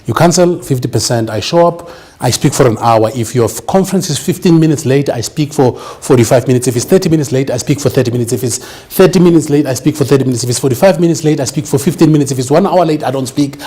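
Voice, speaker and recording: A man's voice: medium pitch, quick pace, warm tone, breathy edge. A man giving an emphatic business seminar lecture, often checking that the audience understands. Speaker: business speaker.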